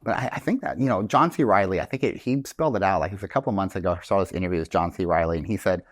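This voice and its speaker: A man's voice: low-pitched, rapid-fire, no echo, studio quality. A middle-aged man telling stories in casual chat, rambling and acting out quoted dialogue. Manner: rambling storyteller, acts out quoted dialogue, swears. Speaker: podcast guest, real estate instructor.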